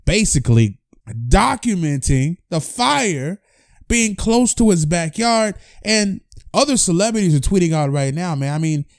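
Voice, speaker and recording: A man hosting a casual celebrity news commentary channel, chatty and animated, talking straight to his viewers. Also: sits high, a little slow, no room sound, clean studio sound. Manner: animated, chatty, addresses fans directly.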